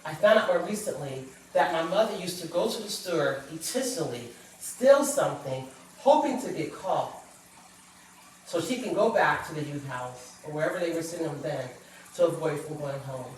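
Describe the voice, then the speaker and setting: A woman's voice: low-pitched, animated, moderate pace, a little hiss or hum. Earnest woman in an echoey room. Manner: earnest, reflective storytelling. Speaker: guest author. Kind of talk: personal testimony in a talk show. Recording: echoey room, far from the mic.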